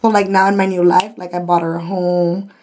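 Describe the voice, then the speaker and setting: A woman's voice: lowish voice, little pitch movement, crowd noise. A woman telling her life story as a podcast guest in casual chat, blunt and full of swearing. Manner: blunt, heavy swearing, rapid run-on storytelling.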